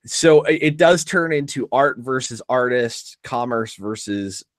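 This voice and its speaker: A man's voice: mid-range voice, expressive, a little slow, dry recording, clean studio sound. A man co-hosting a podcast in casual chat, swearing freely and restarting sentences as he talks. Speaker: podcast co-host.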